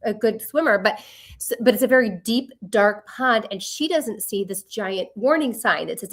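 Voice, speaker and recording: A woman in her forties co-hosting a podcast, telling stories in an animated way and acting out her own quotes. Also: mid-range voice, normal speed. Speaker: podcast co-host. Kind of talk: casual chat.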